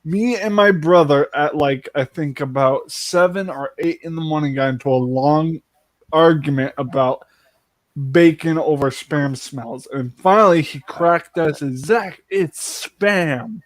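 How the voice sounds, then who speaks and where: A man's voice: fairly high pitch, measured pace, no echo. A man from Ireland telling a rambling, laughing anecdote as a livestream host, acting out the voices in it. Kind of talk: casual storytelling on a livestream.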